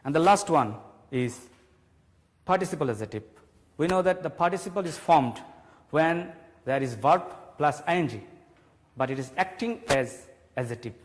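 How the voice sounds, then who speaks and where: A man teaching a televised grammar class, explaining slowly and repeating key points. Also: a little high, expressive, slight background noise. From Bangladesh. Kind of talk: televised classroom English lesson. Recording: long hall reverb.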